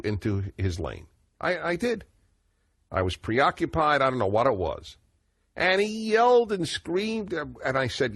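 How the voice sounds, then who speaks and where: A man's voice: mid-range voice, husky, no echo. A man, hosting a call-in radio talk show, expansive and opinionated, chuckling now and then.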